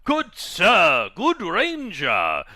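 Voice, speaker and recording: A man putting on a high courtly knight. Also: huge pitch swings, drawn-out words, bright, forceful tone, dry recording, studio quality, exaggerated voice. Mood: formal. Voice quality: formal, courtly address. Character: courtly male NPC with formal speech.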